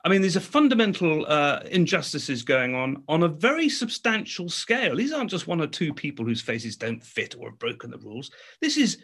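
A man's voice: fairly high pitch, sing-song, fairly quick, few pauses, a bit bright, husky. A man speaking as a talk show guest, emphatic and indignant, often restarting his sentences. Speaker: guest commentator.

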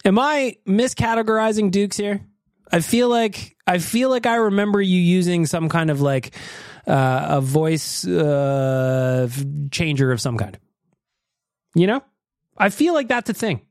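A North American man hosts a casual podcast, animated and theatrical with a lively, swinging delivery. His voice sits a little high and sounds dry and close. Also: unhurried, dry recording. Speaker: podcast host.

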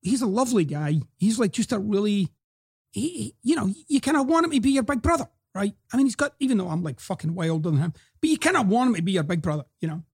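A gravelly-voiced middle-aged man with a hybrid Scottish-American accent hosts his own podcast. He delivers a motivational monologue in a blunt, profane, emphatic way. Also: sits high, sing-song, fast talker. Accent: Scottish mixed with American. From Scotland. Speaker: podcast host.

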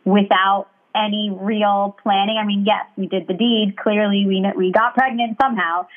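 A woman's voice: medium pitch, fairly even intonation, moderate pace. A young woman talking in a chatty, rambling, candid way during casual conversation. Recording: tinny phone-like sound.

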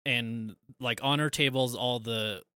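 A man's voice: medium pitch, fairly even intonation, measured pace, pushed and bright, clear, resonant tone, no room sound, clean studio sound. A man co-hosting a podcast, chatting casually and recapping a film plot, often trailing off and restarting. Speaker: podcast co-host. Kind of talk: casual chat.

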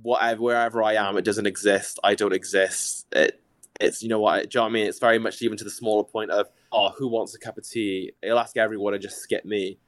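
A man's voice: lowish voice, level tone, fast talker, no echo. A man in his twenties with a Welsh accent, a podcast guest openly and chattily telling his personal story. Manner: open and chatty, with frequent fillers.

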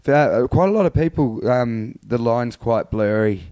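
A man's voice: medium pitch, lively intonation, a little slow, dark tone. An Australian man, a guest on a casual chat show, talking in a laid-back, self-mocking way with lots of agreeing fillers. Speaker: guest, actor and charity unicyclist.

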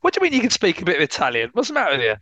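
Fast, bright teasing bloke. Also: male voice, sits high, wildly swooping pitch, no room sound, dull audio. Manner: teasing, quick banter, laughs often. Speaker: podcast co-host. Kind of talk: casual chat.

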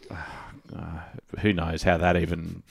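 A man's voice: low-pitched, unhurried, background noise. A man co-hosting a casual gaming podcast, telling stories in a chatty way and laughing at his own jokes. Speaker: podcast co-host.

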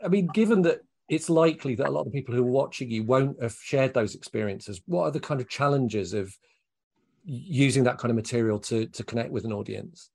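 An interviewer with a mid-range voice puts careful questions to a guest. They pause and repeat words while searching for the phrasing. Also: medium pitch, vocal fry, darkish tone, breathy edge.

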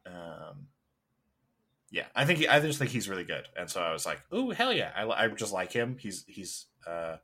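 Man, podcast co-host, casual chat, bright tone, animated, halting. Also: sits low, slightly rough. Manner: rambling, halting, lots of fillers and restarts.

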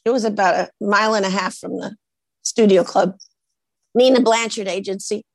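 An older woman from Portland, a guest in an interview, telling a lively story and acting out the lines of the people in it. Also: mid-range voice, moderate pace, vocal fry, no echo. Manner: lively anecdotes with acted-out quotes.

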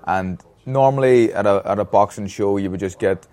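A man from Ireland, a former boxer who co-hosts the podcast, giving measured opinions in casual chat. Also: lowish voice, a little mellow.

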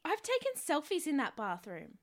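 A woman's voice: sits high, huge pitch swings, normal speed. A woman co-hosting a podcast in casual chat, teasing her co-host, laughing a lot and swearing casually.

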